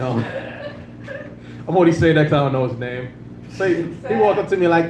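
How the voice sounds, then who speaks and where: A man's voice: medium pitch, a little mellow. A man performing a casual, crude stand-up comedy set on a club stage with a handheld mic. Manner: casual, crude, laid-back, with frequent filler. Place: club stage before a live audience. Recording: roomy club sound with faint noise.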